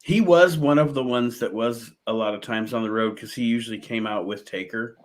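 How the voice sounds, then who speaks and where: A man's voice: medium pitch, brisk. A man co-hosting a casual chat, starting and restarting his points, often laughing. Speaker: podcast co-host.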